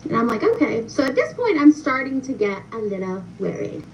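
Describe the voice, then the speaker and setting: A young woman with a slightly high, darkish voice talks a little fast with big swings in pitch. She chats straight to her viewers while casually telling a personal story, packed with fillers. The recording sounds distant and muffled, with faint noise.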